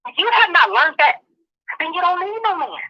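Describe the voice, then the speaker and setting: A woman guest on a talk show, delivering a passionate, profane, rapid-fire rant of social commentary. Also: very high voice, expressive. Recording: dull lo-fi audio.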